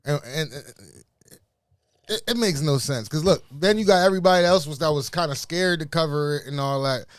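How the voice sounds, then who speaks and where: A man's voice: on the high side, brisk, dry recording, clean studio sound. A man co-hosting a casual podcast, giving emphatic opinions in loose talk. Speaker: podcast co-host. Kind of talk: casual chat.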